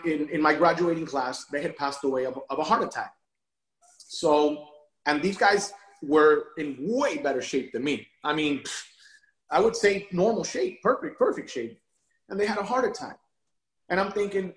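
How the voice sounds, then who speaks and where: A man's voice: on the high side, moderate pace. Man, casual interview storytelling, emotional, restarts a lot, echoey room. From Miami area. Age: adult father of a young son. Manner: animated, emotional, repeats words when restarting. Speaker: interview guest.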